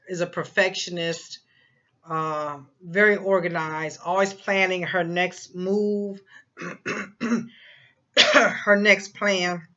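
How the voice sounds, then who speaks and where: A psychic reader offers a casual spoken prediction, rambling and emphatic, with lots of fillers and repeated phrases. The voice is medium-pitched with a sharp tone, and the audio sounds dull.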